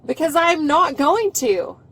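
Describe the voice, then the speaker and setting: A woman's voice: sits high, very animated, slow pace, fairly bright tone, low-quality recording. A woman, arguing with police in a combative, profane, mocking way during an arrest. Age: 30s. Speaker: arrested driver, nurse. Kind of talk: heated roadside argument. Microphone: police body camera.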